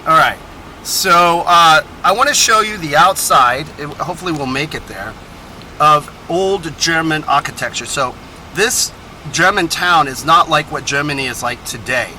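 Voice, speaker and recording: A man's voice: a little high, animated, normal speed, bright, forceful tone, slight background noise, rough recording. A man from Texas chatting in a casual, rambling travel vlog, drifting between topics and correcting himself as he goes, recorded on the road in a car. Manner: chatty, digressive, self-correcting. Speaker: vlogger.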